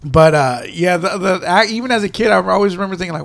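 A man's voice: high-pitched, fast, vocal fry, a bit bright. A man co-hosting a podcast in casual chat, rambling with lots of fillers and restarts. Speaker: podcast co-host.

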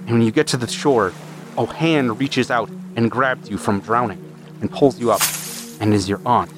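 A man running a tabletop role-playing game as game master, narrating in a halting way with repeated words. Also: mid-range voice, music in the background.

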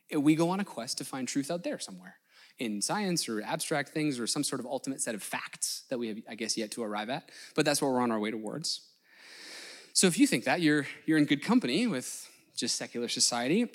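Lively, animated male preacher. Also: fairly high pitch. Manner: animated, conversational, acts out quoted voices. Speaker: pastor. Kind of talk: sermon.

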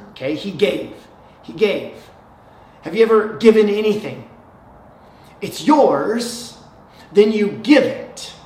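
A man in his thirties preaching a sermon in an animated way, repeating key phrases and checking in with "okay?". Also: fairly high pitch, slight background noise. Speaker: pastor. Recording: echoey room with faint ambience.

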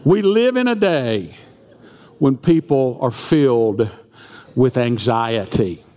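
A man's voice: mid-range voice, expressive, slow pace, dark tone. Male pastor, sermon delivery, storyteller who acts out voices, long hall reverb. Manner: storytelling, acting out quoted voices. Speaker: senior pastor.

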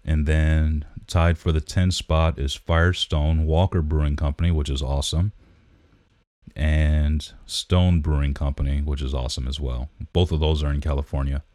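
A man's voice: very deep voice, level tone, normal speed, a little mellow, dry recording. A man co-hosting a podcast, chatting in a laid-back, rambling way with lots of fillers, recorded close on the mic. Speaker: podcast co-host. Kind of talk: casual chat.

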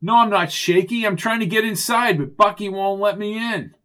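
A man's voice: a little high, normal speed, fairly bright tone, voice pushed up, close to an everyday voice. A man voicing a determined amateur sleuth who talks urgently and insistently.

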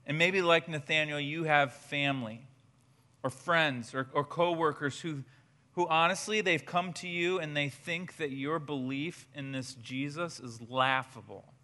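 A male pastor preaching a sermon in an animated way, often repeating words as he builds up. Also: fairly high pitch, unhurried.

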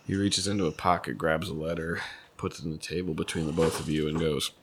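A man's voice: rumbling low, little pitch movement, brisk, slight background noise. A man narrating as game master of a tabletop game, loose and full of fillers.

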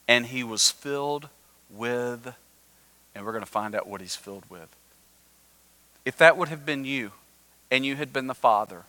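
A male pastor preaching a sermon, animated and acting out the voices of the listeners in the story. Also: on the high side.

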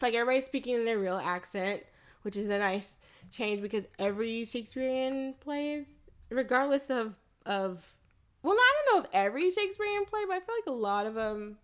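A woman co-hosting a podcast, retelling a film in a casual, animated and profane way with frequent laughter. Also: fairly high pitch. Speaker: podcast co-host. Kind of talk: casual film recap chat.

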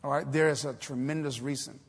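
A man's voice: medium pitch, steady tone, brisk. A man preaching a sermon in a church, hesitant with many fillers but breaking into emphatic exhortations. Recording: long hall reverb.

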